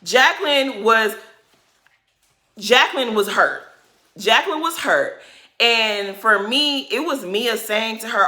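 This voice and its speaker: A woman recaps a reality TV episode in a casual, blunt way, full of slang and swearing. Her voice is bright and a little high, and her pitch swings widely as she reacts. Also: lively intonation, takes it slowly, pauses often. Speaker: recap host.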